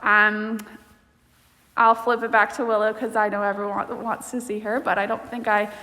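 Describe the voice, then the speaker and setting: A woman who manages a riding program films a live stream on a camera she holds herself, chatting easily with viewers amid plenty of ums and small laughs. Her medium-pitched voice is sharp and flat at a moderate pace, with a long reverb tail.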